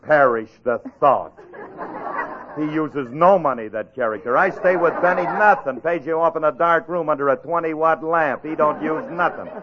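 Brash Southern drawl, old radio comedy. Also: male voice, fairly high pitch, normal speed, crowd noise, noisy background. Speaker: comedian bandleader guest. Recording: muffled old radio broadcast.

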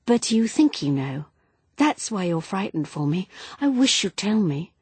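A woman's voice: medium pitch, sing-song, measured pace, breathy edge, no room sound, pitched above the performer's own voice, exaggerated voice. A woman reading Pat, an uneasy young wife. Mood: tender. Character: anxious young wife, superstitious and gloomy. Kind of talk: audiobook character reading.

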